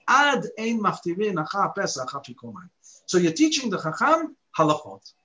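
A man's voice: high-pitched, sharp tone, dull audio. A man giving an expository Torah lesson, explaining step by step, reciting Hebrew verses and posing rhetorical questions. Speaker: Torah teacher.

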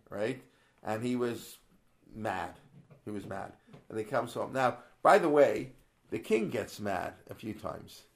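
With a medium-pitched, fry-tinged voice, a man leads a relaxed Torah study class. He reads Hebrew verses aloud and asks many rhetorical questions, digressing often and restarting sentences.

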